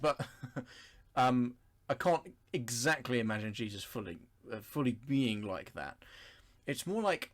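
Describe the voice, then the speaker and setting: A man teaching a Bible study, reading scripture aloud and explaining it verse by verse in a thoughtful, unhurried way with pauses and self-corrections. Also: mid-range voice, animated, a bit bright.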